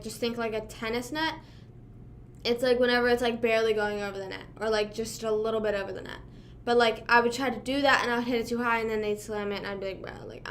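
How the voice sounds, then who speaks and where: A woman's voice: fairly high pitch, a little hiss or hum. A young woman from Pennsylvania chatting casually with live viewers, rambling and self-deprecating, full of fillers. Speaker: livestream host.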